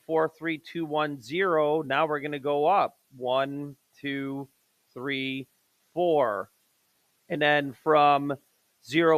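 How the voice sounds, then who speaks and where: A man's voice: fairly high pitch, a bit bright, no echo. A male math teacher lecturing a live class, counting steps aloud, quizzing students and correcting himself on the fly.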